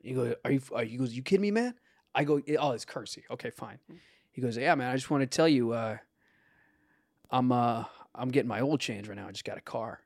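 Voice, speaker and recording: A man's voice: mid-range voice, a little fast, vocal fry, no room sound, clean studio sound. A young man co-hosting a comedy podcast, telling a rambling story with restarts, profanity and bursts of laughter. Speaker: podcast co-host.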